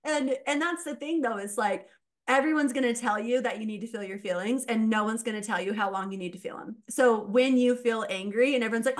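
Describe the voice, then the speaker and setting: A woman mindset coach talking casually as a podcast guest, animated and laughing often as she acts out quoted voices. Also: a little high, brisk.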